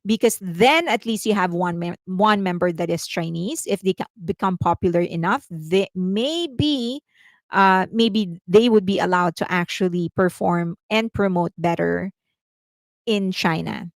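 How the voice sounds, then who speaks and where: A woman's voice: lowish voice, unhurried, no echo. A woman hosting a casual live-stream commentary, chatty, often restarting her sentences and laughing easily. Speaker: commentary channel host.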